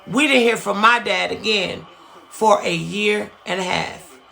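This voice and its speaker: A middle-aged woman from Ohio telling an emotional personal story, slow and earnest, often repeating phrases. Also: medium pitch, vocal fry, sharp tone. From Dayton, Ohio, US.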